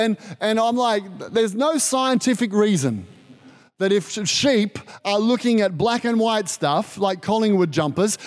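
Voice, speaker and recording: A man preaching a sermon, lively and conversational, acting out the voices in the stories he tells. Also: sits high. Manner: animated, acts out quoted voices. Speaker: pastor.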